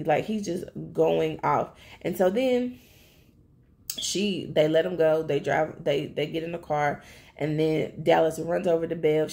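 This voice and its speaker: A woman chatting casually as she recaps a TV episode, talking straight to her viewers in a lively storytelling way. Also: low voice, gravelly. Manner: chatty, addresses viewers directly; animated storytelling. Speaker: TV recap vlogger.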